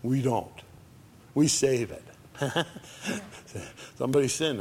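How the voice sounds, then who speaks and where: A man preaching a sermon in a slow, folksy way, repeating phrases and lifting his voice at high points. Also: a little mellow, slight background noise. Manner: slow, folksy, repetitive preaching with sudden lifts in voice. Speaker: pastor.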